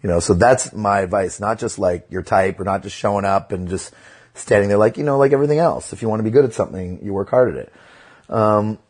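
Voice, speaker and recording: Blunt, husky-voiced man comedian. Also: fairly low pitch, quick pace. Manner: blunt, profane, animated storytelling. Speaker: comedian guest. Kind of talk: casual podcast interview.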